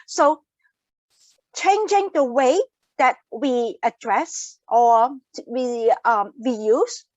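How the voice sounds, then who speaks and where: A woman's voice: a little high, extremely slow, no room sound, highs cut off. A woman presenting an online wellness workshop, talking earnestly and repeating key phrases for emphasis. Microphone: laptop mic on a video call.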